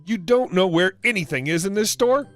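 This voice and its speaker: A man's voice: high-pitched, expressive, a little fast, a bit bright, pitched above the performer's own voice. A man reading the lines of an angry older woman who insistently demands candy apples from a stranger. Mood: demanding. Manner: insistent, accusing questions. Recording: faint music underneath.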